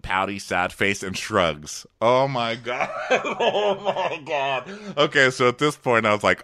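Guy on a podcast, bright voice, dry close sound, all over the place with his pitch, laughs a lot. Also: takes it slowly, few pauses, dry recording. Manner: animated, laughs often, mimics people in exaggerated voices. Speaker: podcast co-host. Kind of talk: casual chat recapping a TV show.

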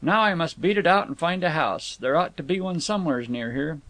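A man's voice: a little high, animated, fairly quick, a bit bright, no room sound. A man reading an audiobook, voicing a mild-mannered, plain-spoken young man who tries to placate a companion. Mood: cheerful. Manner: folksy, says "ain't", mild and placating.

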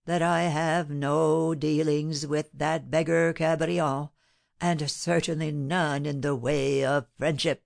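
A mournful, timid middle-aged porter, read by a woman, moaning his woes slowly and heavily. His speech drags in low, drawn-out phrases. It comes across as a storybook reading. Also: little pitch movement, vocal fry, heavily acted. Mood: doleful. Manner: moaning, dolorous.

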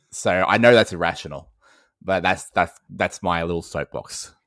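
A man's voice: deep voice, measured pace, a bit bright, no echo, studio quality. An Australian man hosting a casual film podcast, ranting animatedly and breaking into laughs. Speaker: podcast host.

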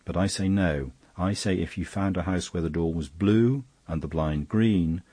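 A mild storybook priest, sober and earnest as he reasons things through, as a male reader puts him on. His voice is deep and slightly husky. It is recorded close and dry. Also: normal speed, warm tone, no echo. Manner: sober and reflective, puzzling things out.

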